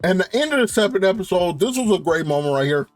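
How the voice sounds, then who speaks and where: Slangy excitable young man, high voice. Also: fast, faint music behind. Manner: slangy, profane, laughs often, excited recapping. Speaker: TV show reviewer. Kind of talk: casual review rant.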